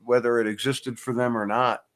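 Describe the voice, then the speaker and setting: A man's voice: mid-range voice, little pitch movement, normal speed. A sleepy, laid-back man in casual online chat, laughing often. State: sleepy, yawning. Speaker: online show host.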